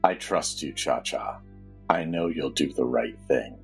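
A man doing a hushed, low-voiced ghostly cop. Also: a little slow, vocal fry, soft background music, heavily acted. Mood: hushed reassuring. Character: mysterious soft-spoken male spirit cop.

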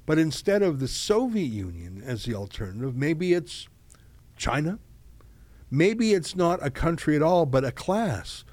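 A man giving a monologue of political commentary, deliberate and stretching key words. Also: fairly high pitch, very animated, darkish tone, dry recording.

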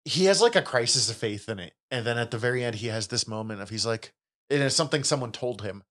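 A man co-hosting a casual podcast chat. His pitch swings widely as he gets worked up. He laughs often and swears casually as he talks. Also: animated, fast talker, fairly bright tone. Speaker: podcast co-host.

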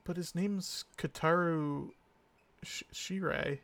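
A man co-hosting a casual podcast about a show, talking in a flat, sarcastic monotone. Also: on the high side, slow pace. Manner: deadpan, sarcastic. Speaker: podcast co-host. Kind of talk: casual chat recapping a show.

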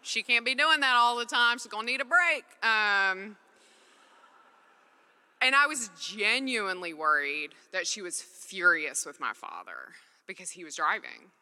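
A woman's voice: medium pitch, animated, a little slow, pushed and bright. A woman giving an earnest, conversational faith talk from a stage, full of casual "like" fillers. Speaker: speaker at a faith gathering. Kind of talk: personal testimony talk. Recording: long reverb in a large hall.

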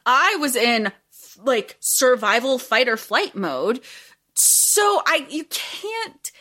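A woman's voice: high-pitched, very animated, slow, sharp tone. A woman co-hosting a podcast, thinking aloud about a story in a casual, laughing way. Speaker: podcast co-host. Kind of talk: casual book discussion.

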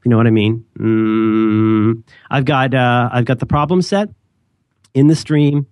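A man with a mid-range, darkish voice speaks at normal speed in a clean studio recording with no room sound. Co-hosting a podcast, he chats casually in a rambling, jokey way and often interrupts himself.

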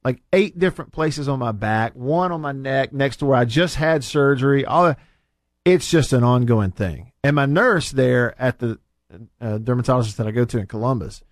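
A man hosting a radio show, ranting and bantering in a casual, animated way from the studio. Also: normal speed, dry recording. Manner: animated, rants with big pitch jumps.

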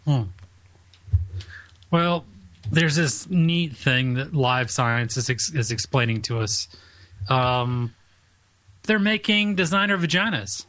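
Bright-toned man with dry wisecracks. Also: medium pitch, lively intonation, slow pace, pauses often, dry recording. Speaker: podcast co-host. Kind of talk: casual chat, reading out articles.

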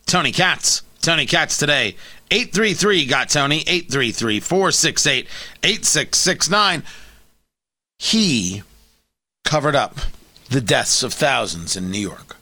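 A man's voice: a little high, slow pace, no echo. A man hosting a talk radio show, delivering an opinionated monologue with sarcasm and mockery. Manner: sarcastic, animated, mocking.

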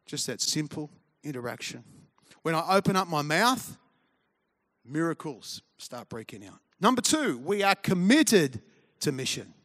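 A man's voice: fairly high pitch, very animated, measured pace, a bit bright. A man, preaching a conversational sermon full of storytelling asides and humor. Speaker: pastor.

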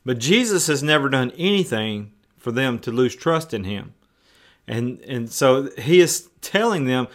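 Guy preaching, chatty, stumbles and repeats himself a lot, mid pitch. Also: expressive, a little slow, fairly bright tone. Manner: conversational, repeats words and restarts often. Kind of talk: sermon.

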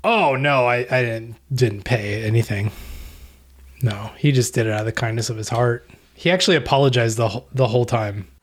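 A man co-hosting a podcast in casual chat, telling a travel story with deadpan jokes and a rambling manner. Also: mid-range voice, moderate pace. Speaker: podcast co-host.

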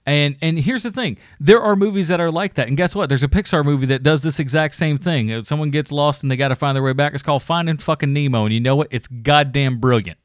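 A man's voice: on the high side, quick pace, hardly any pauses, dry recording, studio quality. A man co-hosting a podcast, casually reviewing films, rambling and swearing, with frequent laughs. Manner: profane, rambling, laughs often. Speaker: podcast co-host. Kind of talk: casual film review chat.

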